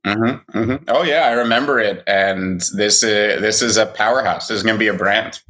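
A man's voice: fairly low pitch, moderate pace, bright, forceful tone. A man co-hosting a casual morning podcast, joking and teasing his co-host in banter.

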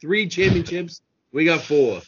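A man's voice: a little high, animated, measured pace, fairly bright tone, breathy edge. A man co-hosting a podcast, ranting and mocking in profane sports banter. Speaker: podcast co-host. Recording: lo-fi podcast recording.

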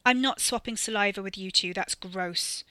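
A woman's voice: mid-range voice, normal speed, bright, forceful tone, dry recording, close to an everyday voice. A woman voicing an exasperated young sister who scolds indignantly. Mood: scolding.

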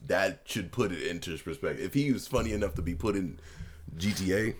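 A young man on a podcast, chiming in with quick reactions and laughs. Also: deep voice, a little hiss or hum. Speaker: podcast host. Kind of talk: casual chat.

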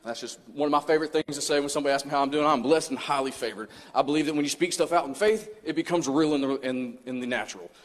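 A man with a fairly high, steady voice races through a mini sermon with hardly any pauses. Earnest and conversational, he tells his own story and acts out what he used to say, all captured with the long reverb of a church sanctuary.

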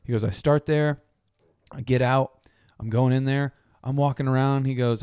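This podcast co-host tells stories in a casual chat, laughing often and acting out the voices in his anecdotes. He has a medium-pitched, darkish, smooth voice at a moderate pace, recorded dry with clean studio sound.

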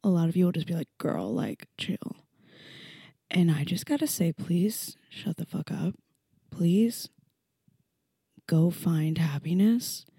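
A young woman vents on her solo podcast, raw and profane, her voice mellow and warm. She swings from hushed, half-whispered confessions to loud frustration, and mocks critics in a low voice. The sound is dry and close, with no room around it. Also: a little slow, slightly rough, no echo. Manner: mocking quotes in a low voice. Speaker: podcast host. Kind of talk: candid solo podcast rant.

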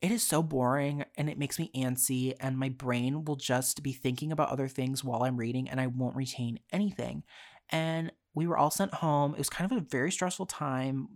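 A young adult podcast host, mid-pitched, ranting casually about a frustration. The talk is blunt and full of swearing and filler words. Short laughs break up the phrases. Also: steady tone, normal speed. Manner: profane, exasperated and frank, with frequent fillers. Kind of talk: casual storytelling rant.

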